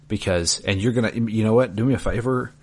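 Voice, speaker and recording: A man's voice: on the low side, brisk, a little mellow, slightly rough. A man hosting a casual podcast, reading listener emails aloud with dry asides.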